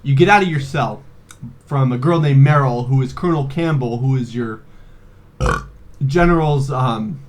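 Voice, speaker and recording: A man's voice: mid-range voice, unhurried. Rambling, foul-mouthed young man. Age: 20s. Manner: rambling, profane, laughing, many fillers. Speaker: video host. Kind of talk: casual comedic game recap.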